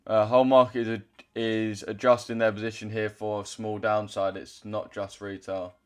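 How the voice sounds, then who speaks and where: Casual man streaming live, slightly low voice. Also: little pitch movement, normal speed, clean tone. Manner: loose, chatty, swears casually, reads chat aloud. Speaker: trading livestreamer. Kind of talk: casual livestream chat.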